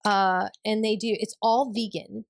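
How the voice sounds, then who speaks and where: A woman's voice: medium pitch, steady tone, a little slow, a little hiss or hum. A woman, hosting a casual chat in a bubbly, giggly way. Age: 30s. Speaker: podcast host.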